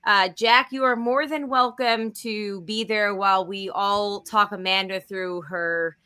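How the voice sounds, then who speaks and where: A woman hosting a casual podcast with a bright, clear voice. She steers the conversation, reads out listener comments and thanks supporters in a relaxed, chatty way. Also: mid-range voice, measured pace. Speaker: podcast host.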